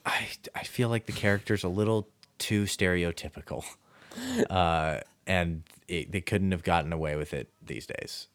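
A man with a very deep voice chats casually about a film, often halting on fillers and restarting his sentences. The sound is dry and close, with no room around it. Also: big pitch swings, dry recording. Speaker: podcast co-host.

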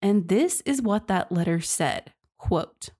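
A woman's voice: medium pitch, expressive, slow, warm tone, husky. A young woman hosts a true crime podcast. Her voice sits in a middle register, and she narrates in an earnest, scripted way. She addresses her listeners casually and directly. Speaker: podcast host.

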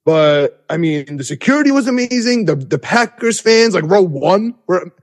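A young man hosting a podcast, telling an excited, rambling story with many restarts. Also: sits high, normal speed. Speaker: podcast host. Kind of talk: excited casual recap.

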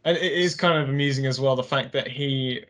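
A man talks through a film in loose conversation. He rambles and leans on fillers. His voice sits at an ordinary middle pitch. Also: brisk, a bit bright. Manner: rambling, heavy with fillers like "you know". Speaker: film reviewer. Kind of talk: casual chat.

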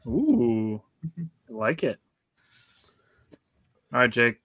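Bright-voiced man hosting a podcast. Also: medium pitch, sing-song, extremely slow, slightly rough, dry recording. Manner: leads the talk, hands turns to others. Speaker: podcast host. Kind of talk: casual sports podcast chat.

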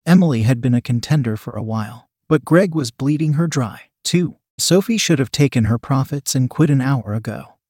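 Casting: male narrator for an adult story, mid-pitched, dry close sound. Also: expressive, moderate pace, few pauses, darkish tone, slightly rough, no echo.

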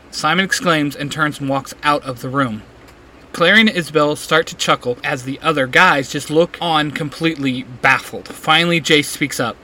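A man reading a fan fiction story aloud in a plain, steady way with small slips. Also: on the high side, moderate pace. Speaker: reader.

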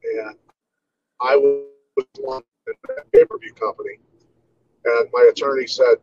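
A man in his fifties from Iowa, telling stories as an interview guest in a relaxed way, with many "you know"s. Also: mid-range voice, measured pace, long pauses, lo-fi sound. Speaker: guest, martial artist. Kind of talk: casual interview storytelling.

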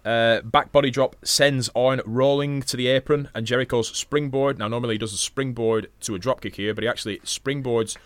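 A man's voice: medium pitch, fairly even intonation, brisk, hardly any pauses, no room sound. A man co-hosting a podcast, swearing casually and recapping a wrestling match from notes between chatty asides. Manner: profane, chatty, laughs often, reads play-by-play notes. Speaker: podcast co-host.

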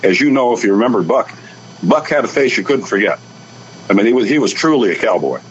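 A man's voice: on the low side, lively intonation, quick pace, lo-fi sound, a little hiss or hum. An older man telling folksy, anecdotal stories as a guest on a talk show, acting out the voices of the people in them. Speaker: guest, author and rancher. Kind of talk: storytelling on a radio talk show.

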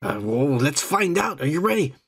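A man's voice: a little high, very animated, normal speed, gravelly, a bit bright, husky. A man hosting a podcast, trading crude, joking banter full of profanity. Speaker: podcast host. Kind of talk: casual podcast chat.

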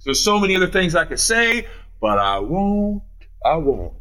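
A man's voice: sits high, very animated, normal speed, sharp tone. A man preaching an Easter sermon as pastor, running through scripture references with rising emphasis. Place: church sanctuary.

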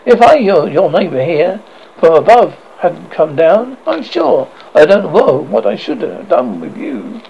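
A man's voice: high-pitched, very animated, a little slow, creaky, darkish tone, husky, highs cut off, exaggerated voice. A man voicing a worried young male student in a horror story reading, fretful and exasperated.

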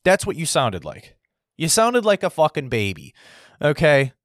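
Man, political rant, combative, repetitive, somewhat high voice, dry close recording. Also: huge pitch swings, normal speed, no echo. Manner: combative, blunt, repetitive, swearing. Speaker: political commentator. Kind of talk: ranting opinion monologue.

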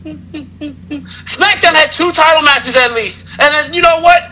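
A man co-hosts a wrestling podcast, launching into sarcastic, profane rants. His voice is unusually high for a man. A steady background noise sits clearly under his voice. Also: slow pace, poor audio. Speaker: podcast co-host. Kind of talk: casual wrestling podcast chat.

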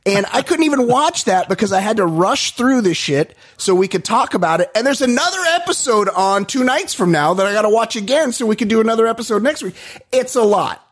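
A man hosting a podcast in casual chat, profane, teasing and animated, talking into a studio microphone. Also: sits high, a little fast, breathy edge. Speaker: podcast host.

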